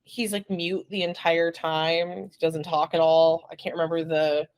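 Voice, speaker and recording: A woman's voice: low-pitched, flat delivery, normal speed, a little mellow, smooth, no echo. A young adult woman co-hosting a podcast, chatting casually and rambling with lots of giggles and fillers. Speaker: podcast co-host. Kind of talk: casual chat.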